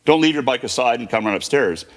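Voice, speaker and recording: A man's voice: medium pitch, lively intonation, fast, voice pushed up, lightly acted. A man in his fifties quoting his mother, an emphatic woman calling out to her son. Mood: firm. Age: 50s. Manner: emphatic, insistent.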